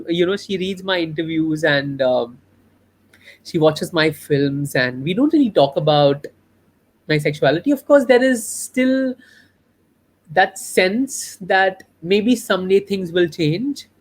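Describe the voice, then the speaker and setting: Earnest, heartfelt male filmmaker. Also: sits high. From India. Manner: earnest, heartfelt, reflective, with frequent restarts. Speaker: interview guest, filmmaker. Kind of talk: emotional personal interview.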